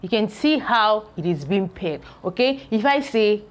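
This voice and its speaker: A woman leads a pronunciation lesson at a very unhurried pace, drawing each word out and saying it again and again. Her voice sits at an ordinary middle pitch, and she keeps breaking in to explain with a questioning "okay?". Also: expressive. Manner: repeats each word slowly, syllable by syllable, then explains; frequent checking "okay?". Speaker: English pronunciation teacher. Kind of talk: slow spoken pronunciation lesson.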